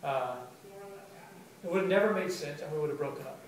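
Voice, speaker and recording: A man telling stories to a live audience in a chatty, animated way, full of fillers. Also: on the high side, fairly quick, recorded from a distance, slight background noise. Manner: animated, chatty, heavy use of "like". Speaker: storyteller at a spoken-word event. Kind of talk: live storytelling talk. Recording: very echoey room taped from afar.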